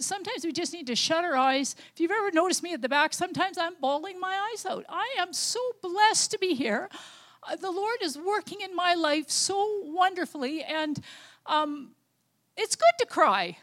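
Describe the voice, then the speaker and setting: Older woman, high-pitched, speaking to her congregation in a warm, rambling, heartfelt way with lots of pauses and restarts. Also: animated. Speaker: lay speaker at church. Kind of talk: informal church talk and testimony.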